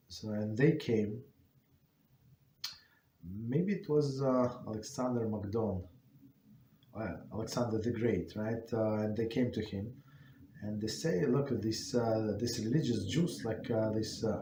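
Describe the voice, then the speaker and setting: Man teaching, halting, in an echoey room. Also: lowish voice, dark tone, a little hiss or hum. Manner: halting, many fillers and restarts. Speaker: rabbi teaching a class. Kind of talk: informal Torah class.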